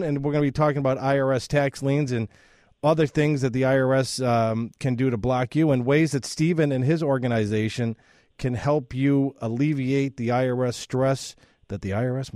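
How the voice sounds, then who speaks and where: Male radio host, animated storyteller, dry close studio mic. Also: medium pitch, brisk, no room sound. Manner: animated storyteller, acts out both sides of calls. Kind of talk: radio interview.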